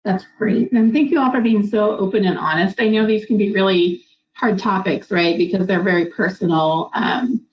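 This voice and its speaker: A woman's voice: mid-range voice, normal speed, slight background noise. A woman moderating a panel in a friendly way, thanking guests and asking questions. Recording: dull lo-fi audio.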